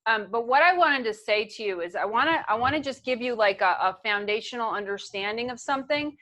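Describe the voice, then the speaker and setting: Fairly high-pitched, animated and a bit bright, this woman speaks fairly quickly. A guest speaker running a training on a video call, she keeps it casual, earnest and conversational, restarting sentences and repeating points.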